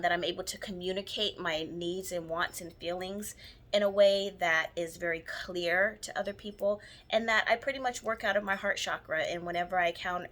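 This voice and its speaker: With a lowish voice and a sharp edge, a woman gives a relaxed tutorial to camera on jar spells. She's a spiritual practitioner who rambles, ums and restarts often, and she speaks with obvious enthusiasm about her own practice.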